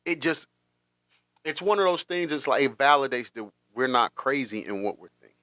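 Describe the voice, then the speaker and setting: A man hosts a commentary stream, reacting to clips with rising emotion. His voice sits at an ordinary pitch and comes through dry and close. He circles back and repeats himself as he talks. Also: expressive, moderate pace, sharp tone, no echo. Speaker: host.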